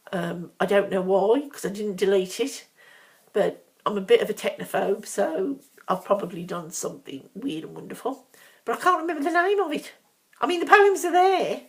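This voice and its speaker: This middle-aged Birmingham woman, a vlogger with a Brummie accent, has a medium-pitched voice with vocal fry. She rambles casually and frankly, chatty and full of ums and asides.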